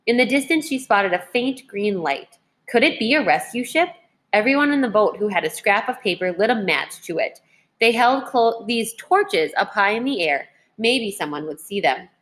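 A woman teacher reading a children's history book aloud in a clear, measured way. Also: medium pitch, a bit bright.

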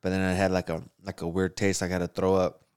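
A man's voice: deep voice, flat delivery, fast, a little mellow, clear, resonant tone. A man casually telling a long, profane story in a rambling, conversational way. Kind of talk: casual chat.

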